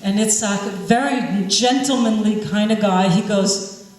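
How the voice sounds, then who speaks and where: A woman telling a lively stage anecdote, laughing and acting out the voices of others. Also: mid-range voice, a little slow. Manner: animated, laughing, acts out other people's voices. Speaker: panel storyteller. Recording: echoey hall, distant mic, faint noise.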